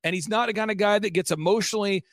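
High-voiced guy telling his story fast and intense, dry close sound. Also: dry recording. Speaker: guest. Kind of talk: excited testimony in an interview.

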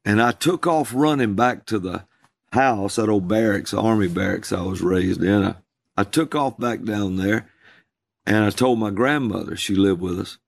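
A man, a minister, telling a personal story in conversation, slow and drawn out. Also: creaky. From USA. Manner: slow, drawn-out storytelling with calls acted out in a high voice.

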